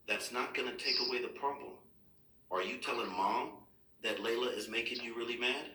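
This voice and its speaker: Here a father reassures his child in a serious talk, staying patient but firm. His mid-range voice runs a little fast and sounds pushed and bright, while the distant mic picks up an echoey room.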